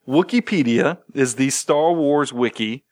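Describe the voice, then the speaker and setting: A man's voice: medium pitch, a little slow, no room sound. A man, co-hosting a casual money talk show and animatedly acting out quotes as he tells stories. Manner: animated, storytelling with acted-out quotes. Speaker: podcast co-host.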